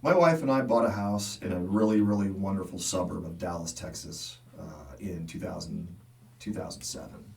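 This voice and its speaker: A man's voice: low voice, normal speed, gravelly, recorded from a distance. A middle-aged man co-hosting a casual local podcast, telling stories with quoted dialogue and frequent laughs. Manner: animated storyteller, laughs often, acts out quotes. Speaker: podcast co-host. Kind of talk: casual chat.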